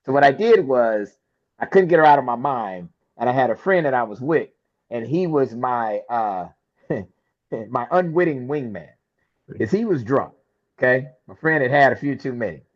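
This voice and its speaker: A man speaking at a middle pitch tells a personal story with animated energy, slipping into the voices of the people in it. The sound is a little dull and lo-fi, like a modest podcast recording. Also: normal speed. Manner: lively storyteller who acts out quoted dialogue. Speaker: interview guest, film producer.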